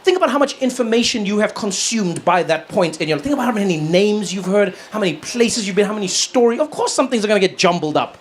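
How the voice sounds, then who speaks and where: A man's voice: high-pitched, animated, fast talker, hardly any pauses. Stand-up comic, man, loose ranting delivery with stammers, live noisy recording. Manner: conversational rant, stammers and restarts. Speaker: stand-up comedian. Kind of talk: stand-up routine. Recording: noisy live stage audio.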